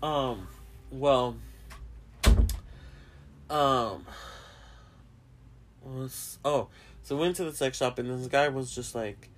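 A man's voice: mid-range voice, takes it slowly, pauses often. A young man hosting a podcast in casual chat, rambling and swearing a lot and often laughing. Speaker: podcast host.

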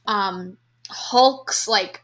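A woman co-hosting a podcast in casual chat, reacting with quick, chatty asides. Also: medium pitch, fairly bright tone. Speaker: podcast co-host.

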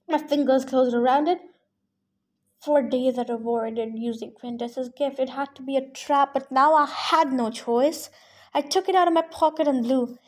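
High-voiced woman reading a story aloud. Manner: casual, adds joking asides. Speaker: audiobook reader. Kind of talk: first-person story narration.

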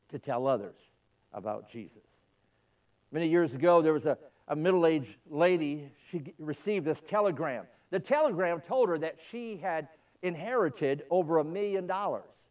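A man's voice: a little high, a little mellow, far from the mic. Fervent man preaching, voice swinging widely. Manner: storytelling, fervent. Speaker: pastor. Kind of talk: sermon.

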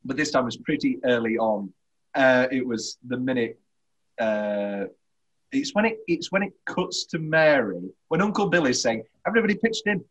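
Rambling, husky-voiced man. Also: medium pitch, expressive, fairly bright tone, poor audio. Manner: rambling, halting, laughs often. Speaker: podcast host. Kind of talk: casual film discussion.

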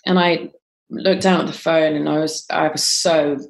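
A woman guest on a podcast telling a personal story in a halting, conversational way, with frequent ums and restarts. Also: deep voice, steady tone, creaky.

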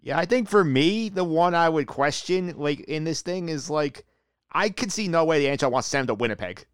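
A man's voice: a little high, lively intonation, brisk, clear, resonant tone, dry recording, studio quality. A man hosting a casual hockey chat, steering with questions and peppering his talk with "like". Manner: leads with questions, many "like" fillers. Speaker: podcast host.

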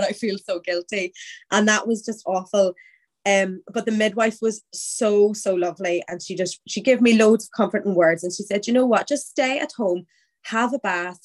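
Woman guest, candid chatty storyteller, voice sits a bit low. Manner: candid, chatty, quotes her own thoughts aloud. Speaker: podcast guest telling her birth story. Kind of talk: casual storytelling chat.

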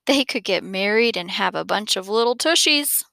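A cheerful, jokey dad in a storybook reading, voiced by a woman. His lines bounce with excitement and teasing fun, in a bright, gravelly voice recorded close and dry. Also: medium pitch, moderate pace, no room sound. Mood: joking. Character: cheerful joking father.

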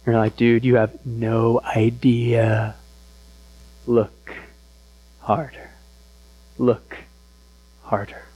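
A man's voice: medium pitch, a little mellow, no echo. A man giving a sermon as pastor, in a casual, emphatic style with slangy asides.

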